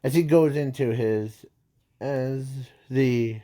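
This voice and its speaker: Guy making up a fan story as he goes, super slow, mellow voice, keeps stumbling and restarting. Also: mid-range voice. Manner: halting, many restarts and trailing words; says "sorry" to correct himself. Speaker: amateur storyteller. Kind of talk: improvised fan-fiction narration.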